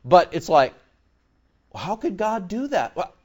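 A man preaching a sermon, animated and conversational, acting out other people's voices in his stories. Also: high voice, measured pace. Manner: animated, mimics voices in anecdotes. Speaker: pastor.

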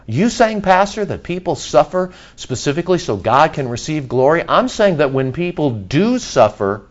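A man's voice: on the high side, normal speed, highs cut off. A male pastor preaching a sermon, explaining a scripture passage and acting out what people in the crowd might say. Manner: animated, acts out crowd voices and asides.

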